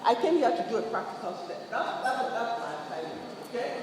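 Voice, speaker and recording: A man's voice: very high-pitched, very animated, a little fast, a crowd in the background. A man with a Nigerian English accent giving a fiery motivational address at a conference, firing questions at the audience. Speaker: conference speaker. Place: large event hall. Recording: long hall reverb, faint ambience.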